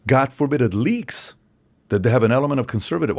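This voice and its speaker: A man in his forties, a podcast guest, speaking in an animated, opinionated monologue full of rhetorical questions and acted-out quotes. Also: mid-range voice, fast talker. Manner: acts out quoted voices, emphatic, rhetorical questions.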